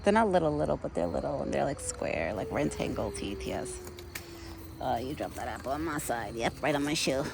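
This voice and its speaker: Her voice is extremely low, creaky, brisk and expressive as this woman in her thirties, a vlogger, feeds a wild deer in a yard at dusk and chats casually, cooing baby talk at it. Crickets and insects fill the background of the outdoor phone recording.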